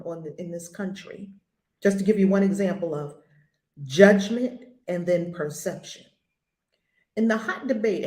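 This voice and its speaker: A woman's voice: on the low side, darkish tone, roomy sound. An older woman giving a spiritual lesson, blunt and emphatic, hammering home her points by repeating them. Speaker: spiritual teacher.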